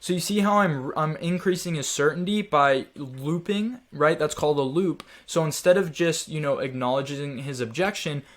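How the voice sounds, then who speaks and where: A man with a fairly high voice gives a sales training lesson. He coaches in a direct, urging way and talks straight to his viewers. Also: moderate pace, hardly any pauses.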